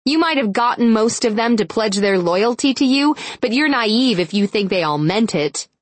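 A woman reading an audiobook and voicing a jealous, spiteful young she-wolf woman with a raised, shrill voice. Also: lively intonation, normal speed, no echo. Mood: possessive fury.

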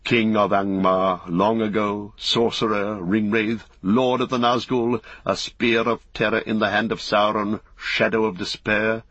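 A man voicing an old male wizard, grave and commanding, with a measured, solemn delivery. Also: fairly low pitch, flat delivery, fairly bright tone, dry recording, dull audio.

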